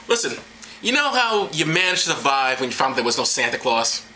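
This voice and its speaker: A man's voice: mid-range voice, very animated, fairly quick, pushed and bright, a little hiss or hum, poor audio. A man reading scripture aloud as comedy, sarcastic and profane, stumbling and laughing over the text. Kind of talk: irreverent comedic Bible reading.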